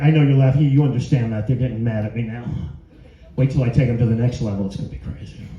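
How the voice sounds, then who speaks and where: A man's voice: high-pitched, dark tone. A middle-aged man doing a crude, brash stand-up set with crowd work in a comedy venue. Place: comedy venue before a live audience. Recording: roomy, dull live club recording.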